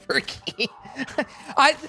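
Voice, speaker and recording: A man streaming, chatting casually in a rambling, self-correcting way and laughing easily. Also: sharp tone. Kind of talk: casual live-stream chat.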